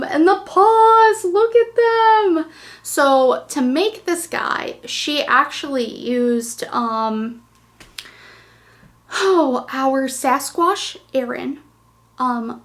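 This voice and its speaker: A woman's voice: on the high side, gravelly. A woman hosting a knitting podcast, chatting casually and gushing, with lots of fillers. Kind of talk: casual chat.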